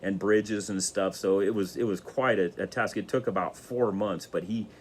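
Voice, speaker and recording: A man's voice: on the low side, steady tone, moderate pace, slight background noise. A man telling a motivational story in a casual, rambling way with many restarts. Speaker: motivational speaker.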